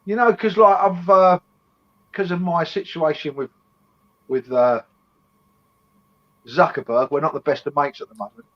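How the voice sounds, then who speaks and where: A man's voice: fairly high pitch, steady tone, measured pace, long pauses. Laid-back man, muffled line. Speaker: co-host. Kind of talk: casual chat on a live stream. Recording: muffled lo-fi audio.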